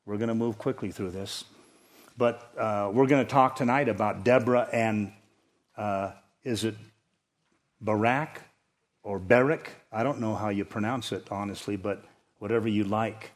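A man's voice: lowish voice, steady tone, moderate pace. A man preaching a sermon as a pastor, teaching through scripture in a conversational way that lifts for emphasis. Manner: conversational Bible teaching, rising emphasis on key points.

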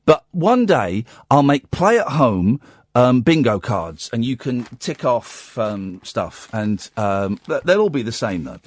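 A man's voice: mid-range voice, big pitch swings, a little slow, dry recording, studio quality. A man hosting a late-night radio show, rambling and sardonic, with bursts of mock outrage. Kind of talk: casual talk radio monologue. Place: radio studio. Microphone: studio microphone.

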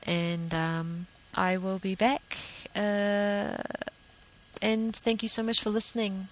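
A woman's voice: mid-range voice, level tone, takes it slowly, poor audio. A woman, hosting a solo podcast in an earnest, emphatic, rambling way. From New Zealand. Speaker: podcast host.

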